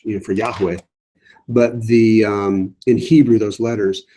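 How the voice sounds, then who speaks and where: This middle-aged man, a priest, speaks with a fairly low, dark voice. He runs an informal Bible study and responds to questions from viewers, often stopping to restart and filling gaps with "um"s.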